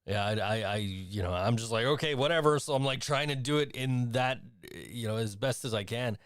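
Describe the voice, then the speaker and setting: A man's voice: mid-range voice, a little fast, clean tone, no room sound, clean studio sound. Rambling, profane man from Western New York. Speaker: podcast host and voice actor. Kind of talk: casual chat.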